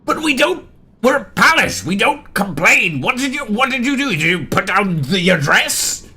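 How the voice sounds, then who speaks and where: A game master squeaking as a panicky talking palace gate. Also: wildly swooping pitch, takes it slowly, pushed and bright, heavily acted. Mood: flustered. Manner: stammering, flustered.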